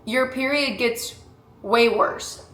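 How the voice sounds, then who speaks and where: Profane, animated young woman vlogging. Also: a little high, takes it slowly, slight background noise. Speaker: vlogger training for a boxing match. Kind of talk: casual vlog talk to camera. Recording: echoey room.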